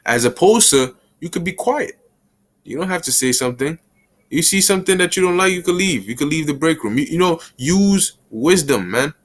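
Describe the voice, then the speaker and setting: A man giving a conversational Bible lesson in casual street slang, breaking into quick little acted scenes. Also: fairly high pitch, lively intonation. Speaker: bible teacher.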